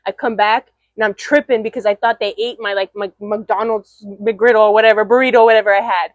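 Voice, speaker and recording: A woman's voice: medium pitch, fairly quick, dry recording, highs cut off. A young adult woman hosting a candid podcast chat, telling stories animatedly with frequent laughter. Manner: animated storyteller, laughs often, acts out quoted lines. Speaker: podcast host. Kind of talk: candid chat between friends.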